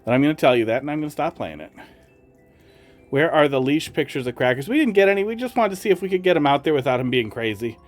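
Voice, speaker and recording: A man's voice: on the high side, animated, fast. Chatty streamer man with a Wisconsin accent. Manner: chatty, talks to his cats in a sing-song voice. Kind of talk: casual chat with viewers. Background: faint music.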